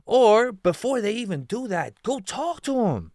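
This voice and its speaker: A man's voice: high voice, big pitch swings, a little slow, darkish tone, no room sound, clean studio sound. A man giving heated reaction commentary, swearing often and firing off rhetorical questions.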